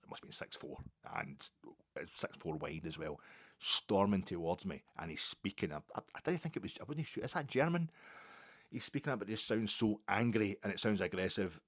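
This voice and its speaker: A Scottish man telling a rambling football story in a casual, animated way. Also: lowish voice, no room sound, studio quality. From Scotland. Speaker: podcast host.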